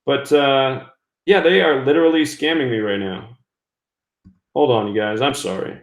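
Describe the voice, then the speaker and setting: A man's voice: medium pitch, moderate pace. A man hosting a call-in internet radio show, talking casually and chattily to listeners and callers. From US West Coast. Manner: chatty, talks through technical trouble aloud. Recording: echoey room.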